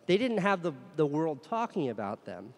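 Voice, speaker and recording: A man speaking to a conference crowd in a frank, self-deprecating way, his voice sitting a touch higher than most men's. His words ring out with the long tail of a big hall. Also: very animated, normal speed. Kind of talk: candid storytelling keynote.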